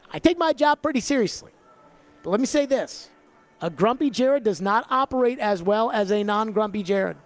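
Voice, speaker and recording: A man hosting a sports talk radio show, talking in an animated, chatty way. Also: high-pitched. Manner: animated, slips into an exaggerated Southern drawl for bits. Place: radio studio.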